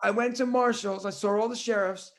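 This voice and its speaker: Man, very high voice, gravelly fry, casual podcast chat, hesitant, trails off. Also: steady tone, a little fast. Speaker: co-host.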